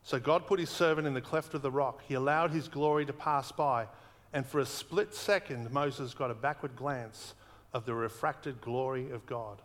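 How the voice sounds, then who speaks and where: A man's voice: medium pitch, a bit bright. Guy preaching a sermon, earnest, leans on repeated words, big reverb behind him. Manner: earnest, emphatic repetition, slows for weight.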